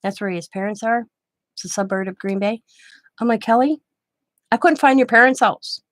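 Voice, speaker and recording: Middle-aged lady crafting live, rambly stories, bit high voice, dry close sound. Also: moderate pace, fairly bright tone, no room sound. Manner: rambling anecdotes, quoting others in her own voice. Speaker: craft channel host. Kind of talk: casual chat while crafting on a livestream.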